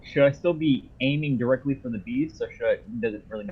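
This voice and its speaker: A man's voice: medium pitch, fast, husky, highs cut off. A man in a game raid who chats casually and asks tactics questions, stumbling over his words. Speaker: raid member. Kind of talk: casual voice chat while gaming.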